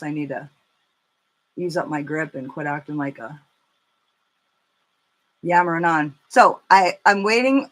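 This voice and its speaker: A woman in her thirties chatting casually and cursing freely as she does her makeup live for viewers, telling stories with animated energy. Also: on the low side. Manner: chatty, profane, animated storytelling. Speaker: makeup vlogger.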